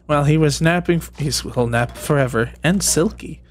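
A man's voice: on the high side, normal speed, slight background noise. A man giving playful, rambling gameplay commentary, tossing jokey mock-sinister asides at game characters. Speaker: gaming video creator.

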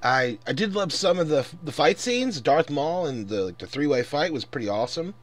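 A man's voice: a little high, very animated, normal speed. A man in his twenties ranting angrily and profanely in a casual commentary. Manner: angry, profane, exasperated. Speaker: vlogger.

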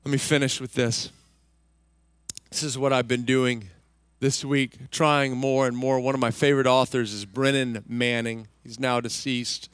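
A male pastor from Texas preaching a sermon, telling a story with lively delivery and acting out the voices of people in it. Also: medium pitch, unhurried, clear, resonant tone, no room sound. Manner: animated, acts out voices in his stories. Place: church stage.

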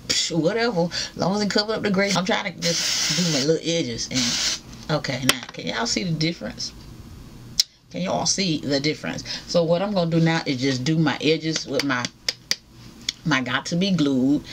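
A woman's voice: sits low, a little hiss or hum. A woman chatting casually to camera at home, calling her viewers y'all. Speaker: vlogger. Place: room at home with ceiling fan.

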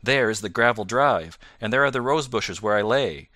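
A man reading the part of an anxious, injured young male engineer in an audiobook, speaking urgently and excitably. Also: lowish voice, moderate pace, no room sound, clean studio sound.

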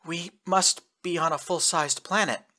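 A man's voice: a little high, fairly even intonation, measured pace, bright, forceful tone, voice pushed up. A man reading aloud, voicing a young woman space traveler in a raised, strained, breathless voice. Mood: worried.

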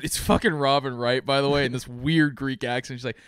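A man's voice: on the high side, fairly quick, few pauses, a bit bright, clean tone, no room sound, studio quality. Laughing, profane young man reviewing a movie. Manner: laughing, profane, mocking impressions. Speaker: podcast co-host. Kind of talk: casual movie review chat.

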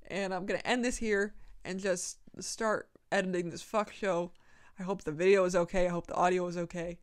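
A woman's voice: fairly low pitch, steady tone, fairly quick, smooth. A woman hosting a casual podcast, reading her old fan fiction aloud and breaking off into swearing, mock-outraged asides and laughter at her own writing. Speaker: podcast host.

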